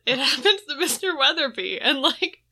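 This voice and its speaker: Podcast co-host, woman; high, bright, breezy storyteller who slips into voices for quotes and laughs easily. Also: very animated. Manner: retells scenes with quick voiced quotes, laughs often, swears casually. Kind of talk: casual chat, recapping a comic.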